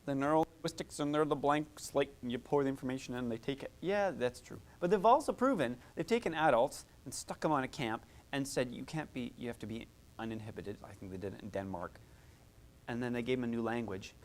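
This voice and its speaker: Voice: mid-range voice, a little fast. A music therapist leading a live workshop, coaching participants through vocal exercises in an encouraging, chatty way with frequent asides.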